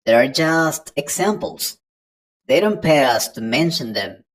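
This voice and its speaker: A woman's voice: deep voice, very animated, measured pace, low-quality recording. A woman giving an online English pronunciation lesson, patiently explaining step by step to the learner. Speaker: English teacher.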